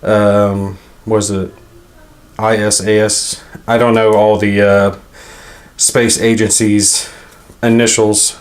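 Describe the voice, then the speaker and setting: A man's voice: fairly low pitch, flat delivery, takes it slowly, pauses often. A man hosting a board game channel, talking casually and thinking aloud as he unboxes a game. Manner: rambling, thinking aloud as he handles items.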